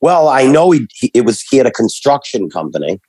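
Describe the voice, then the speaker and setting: A man recounts family anecdotes in a loose, animated way, full of fillers and false starts. His voice is husky, and the sound is dry and close with no room around it. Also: medium pitch, a little fast, dry recording, low-quality recording. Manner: rambling, animated storytelling with many restarts and fillers. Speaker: guest telling family stories. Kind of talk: casual conversation.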